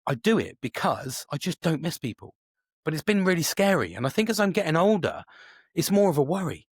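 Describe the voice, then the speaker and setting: A man's voice: fairly high pitch, big pitch swings, brisk, slightly rough, no room sound, clean studio sound. A man, a podcast host talking alone in a casual, rambling way with lots of swearing and restarts. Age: 40s. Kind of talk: casual solo monologue.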